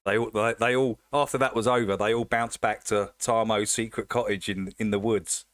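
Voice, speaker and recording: A man's voice: lowish voice, fairly even intonation, moderate pace, no echo. Guy chatting on a stream, keeps laughing, repeats himself, dry mic. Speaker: livestream host. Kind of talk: casual chat.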